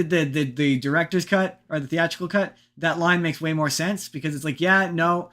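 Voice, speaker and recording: A man chatting on a podcast in a bright, forceful voice that sits a little high. He rambles, restarts his sentences and swears casually as he talks. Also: normal speed, few pauses. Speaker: podcast host. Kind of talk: casual chat.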